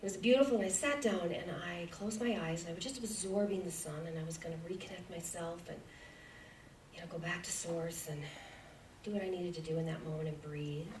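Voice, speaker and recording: A woman's voice: lowish voice, steady tone, fairly quick, slight background noise. Woman speaking from afar in an echoey church. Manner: earnest, dips into soft whispers. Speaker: guest speaker. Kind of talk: personal testimony talk. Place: church sanctuary. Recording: echoey church hall from far off.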